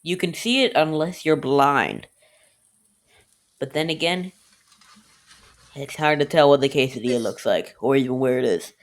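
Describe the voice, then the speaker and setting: A woman's voice: a bass voice, normal speed, pauses often. A woman casually narrating a home cooking video, joking to herself and filling gaps with "anyway". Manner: rambling, jokey, keeps saying "anyway"; talks to self and the viewer.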